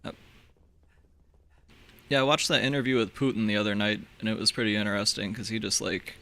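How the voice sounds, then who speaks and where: A man's voice: on the low side, brisk, sharp tone. A young man from Minnesota chatting casually while gaming, laid-back, swearing offhandedly and agreeing with short replies. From Minnesota, USA. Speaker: gamer.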